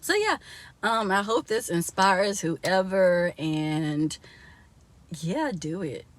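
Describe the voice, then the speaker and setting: A woman's voice: on the low side, slow pace. A young woman vlogging casually from inside a car, chatty and laughing often as she talks to her viewers.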